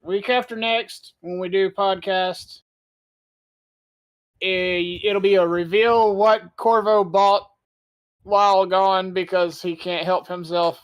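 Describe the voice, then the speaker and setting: A woman's voice: medium pitch, steady tone, slow. Blunt woman joking crudely. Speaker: podcast co-host. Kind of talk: casual podcast chat.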